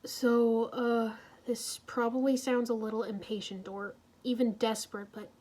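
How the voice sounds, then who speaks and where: A woman's voice: fairly high pitch, flat delivery, unhurried, darkish tone. A woman voicing a shy, awkward young male ninja who speaks hesitantly and stammers.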